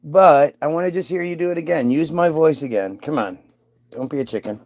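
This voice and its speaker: A man with a fairly high voice chatting casually with an AI, pushy and insistent. The sound is dry and close. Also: fairly quick, a little mellow, no echo. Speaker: streamer talking to an AI. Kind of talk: casual chat.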